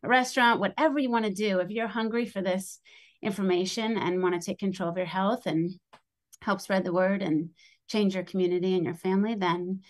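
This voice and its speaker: A middle-aged American woman talks through a long story in a casual interview. She is chatty and lively and acts out the voices of the people in her story with a lifted pitch. Her voice sits in an ordinary middle range for a woman. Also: a little fast. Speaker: podcast guest, school lunch program founder.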